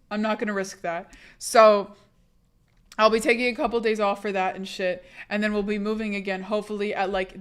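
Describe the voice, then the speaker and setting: A young woman streamer with a hoarse voice from laryngitis, chatting candidly and with swearing on a live stream, bursting louder when she greets viewers. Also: mid-range voice. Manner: candid, profane, rambling; bursts loud greeting raiders. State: sick, laryngitis. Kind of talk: casual live-stream chat.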